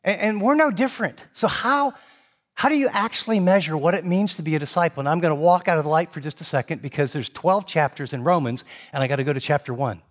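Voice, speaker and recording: Middle-aged guy pastor preaching, talks super fast, lively storytelling, kinda high voice. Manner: fast-talking, animated storyteller. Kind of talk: sermon.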